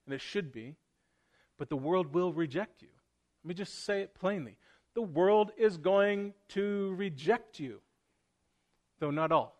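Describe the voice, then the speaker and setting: A man preaching to his congregation in a church room. His voice sits a little high for a man. He is earnest and plain-spoken, and he presses his listeners to act. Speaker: pastor. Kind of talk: sermon.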